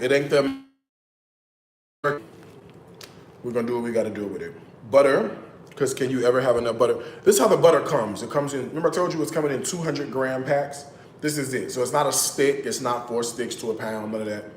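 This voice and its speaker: A man's voice: medium pitch, roomy sound, slight background noise. A man hosting a cooking live stream in his home kitchen, chatty, with teasing asides to viewers. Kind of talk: casual live-stream chat.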